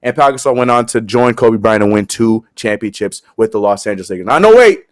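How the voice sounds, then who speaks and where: A man hosting a casual sports talk segment, animated and joking as he talks. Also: on the low side, a little fast. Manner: animated, laughing, joking asides. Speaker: sports show co-host.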